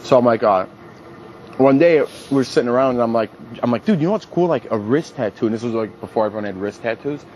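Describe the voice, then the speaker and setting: Young man telling animated, profane stories. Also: medium pitch, quick pace, slight background noise, low-quality recording. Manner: animated, profane, acts out quotes in a raised voice. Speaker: reality show contestant. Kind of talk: casual storytelling.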